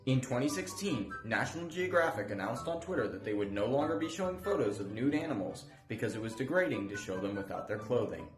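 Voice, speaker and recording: A man's voice: medium pitch, lively intonation, fast talker, few pauses. A man narrating a trivia fact in a casual, playful way. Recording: roomy with music behind.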